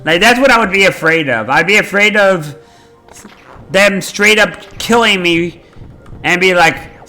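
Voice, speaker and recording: A male streamer in casual chat, talking in a rambling, animated way and swearing freely. His voice sits a bit high and has a bright, forceful tone. Faint game music plays behind him. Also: unhurried.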